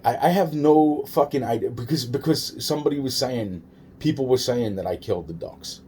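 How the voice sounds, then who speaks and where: A man's voice: mid-range voice, normal speed, mellow, a little hiss or hum. A man telling a rambling personal story, swearing often and restarting his sentences. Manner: profane, rambling, many restarts and repeated fillers.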